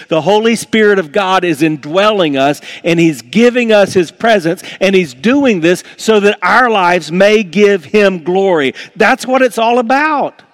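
A man preaching a sermon as pastor, swinging from quiet, intimate asides to loud, fervent outbursts, with homely examples. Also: a little high. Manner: folksy, uses homely examples.

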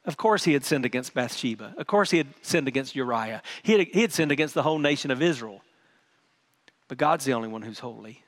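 A middle-aged man preaching a sermon as pastor. He speaks earnestly, often repeats his words, and drops to a soft, prayerful tone at times. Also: mid-range voice, animated, fast.

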